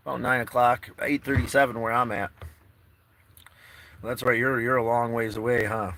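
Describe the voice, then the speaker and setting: A man's voice: medium pitch, fairly even intonation, normal speed, fairly bright tone, slight background noise. Laid-back man rambling on a live stream. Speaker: travel vlogger. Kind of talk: casual live-stream chat. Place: in or by his car, outdoors.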